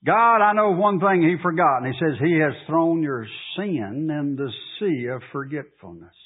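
A man preaching a sermon as pastor, reading scripture aloud and pressing his congregation with emphatic, drawn-out questions. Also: animated, slightly rough. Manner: preaching, rising to emphatic high pleas, drawn-out delivery. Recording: tinny phone-like radio broadcast.

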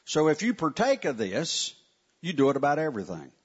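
A man preaches a sermon in a church, his voice leaping up and down as he stresses his points. His tone is folksy and direct, full of asides to the congregation, with a slightly husky edge. The recording is muffled and lo-fi. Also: a little high, wildly swooping pitch, brisk. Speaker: pastor. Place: church sanctuary. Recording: muffled lo-fi sound.

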